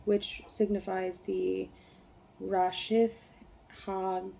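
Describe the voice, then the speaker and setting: A woman vlogger who reads a text aloud haltingly and breaks off into rambling, profane talk. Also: mid-range voice, level tone, creaky, warm tone. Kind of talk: reading aloud and casual ranting.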